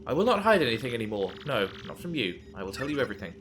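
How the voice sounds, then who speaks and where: A man voicing a calm, earnest male computer AI of an enemy base, speaking in a formal, measured, subdued way. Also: medium pitch, noisy background, voice pushed down, natural voice. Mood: solemn.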